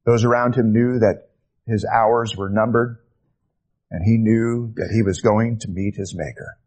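A man preaching a sermon, slow and deliberate, rising to fervent emphasis and sinking to hushed, soft phrases. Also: on the low side, steady tone.

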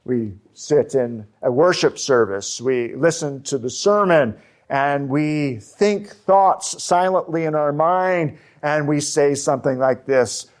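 A man preaching a sermon, slow and emphatic, with deliberate pauses on key words. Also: fairly high pitch. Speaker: pastor.

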